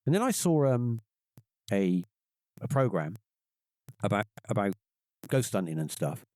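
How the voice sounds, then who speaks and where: A middle-aged man tells a story in a lowish, mellow voice, jumping up in pitch to act out the people in it. The recording is dry and close, with no room sound. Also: a little slow, no room sound. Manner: animated, acts out quoted voices in a higher pitch. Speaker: podcast guest. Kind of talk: casual storytelling.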